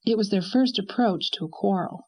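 A woman reading a classic novel aloud in an even, unhurried storytelling voice. Her tone is slightly husky and sits at an ordinary pitch. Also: rough recording. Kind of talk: audiobook narration.

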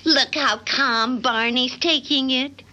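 An actress voicing a sweet, cheerful young cartoon housewife who talks in a chirpy, giggly way. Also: female voice, high-pitched, slow, pushed and bright, muffled recording, heavily acted. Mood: warm.

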